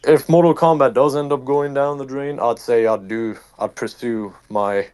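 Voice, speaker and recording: A man's voice: medium pitch, steady tone, moderate pace, darkish tone, clear, resonant tone. Profane ranting young man with Birmingham accent. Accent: Birmingham English. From England. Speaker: streamer, guest. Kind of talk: casual interview.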